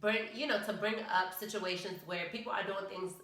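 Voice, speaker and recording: Bright-voiced, opinionated woman host. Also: mid-range voice, a little fast, echoey room. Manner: upbeat, opinionated, chatty. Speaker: podcast host. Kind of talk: casual panel talk.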